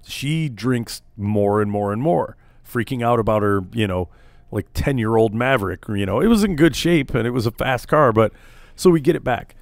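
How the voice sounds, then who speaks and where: A man's voice: mid-range voice, normal speed, no room sound. A man, hosting a casual radio show and telling a rambling family story, acting out the people in it. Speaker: podcast host.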